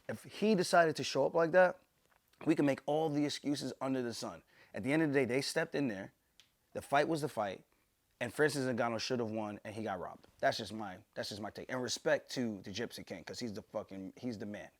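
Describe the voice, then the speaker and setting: A man's voice: mid-range voice, no echo. A man, a pro fighter hosting his own show, giving emphatic, opinionated casual commentary to camera and swearing casually.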